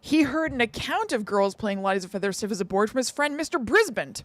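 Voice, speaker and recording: A woman's voice: on the high side, sing-song, quick pace. A woman co-hosting a podcast, chatting casually and reading an old text aloud, correcting herself and giggling. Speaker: podcast co-host.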